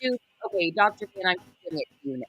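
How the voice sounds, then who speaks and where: A woman hosting a comedy live-read on a video call, briskly handing out roles and laughing easily. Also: on the low side, very animated. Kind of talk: casual chat and assigning roles.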